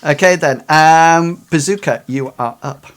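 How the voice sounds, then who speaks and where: A man's voice: a little high, a little slow, fairly bright tone. A man running a tabletop game for friends as game master, hesitant and full of ums, joking around. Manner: hesitant, lots of ums, jokey.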